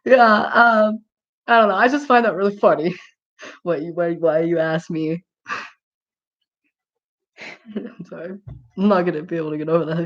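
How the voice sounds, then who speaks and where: A woman's voice: on the low side, moderate pace, pauses often, lo-fi sound. A woman chatting casually on a livestream and reading out comments, rambling and giggling with lots of filler words.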